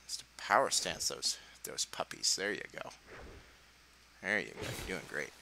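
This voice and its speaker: A man's voice: deep voice, expressive, a little slow, gravelly, sharp tone, slight background noise, rough recording. A young man giving casual gameplay commentary, chatty and laughing, with playful sarcastic asides.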